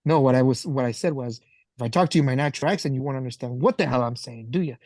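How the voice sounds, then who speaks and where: Fast-talking Spanish-accented man. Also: medium pitch, no room sound. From Spain. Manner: fast, animated storyteller, swears freely. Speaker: podcast guest. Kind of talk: casual podcast chat.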